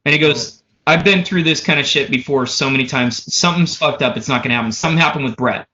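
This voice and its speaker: Bright-voiced man telling a profane story. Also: mid-range voice, fast, muffled recording. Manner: animated, profane, runs stories with "he goes" and "so anyway". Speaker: drummer and podcast guest. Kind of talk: casual storytelling.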